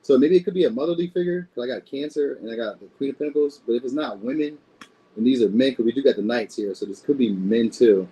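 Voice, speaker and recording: Mellow husky man reading tarot. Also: mid-range voice, fast, rough recording. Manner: loose, rambling, swears freely. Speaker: tarot reader.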